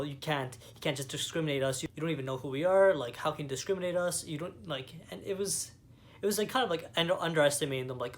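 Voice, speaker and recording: A man's voice: a little high, a bit bright. A young man from Canada giving a casual movie review, rambling with lots of fillers and enthusiasm. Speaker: vlogger.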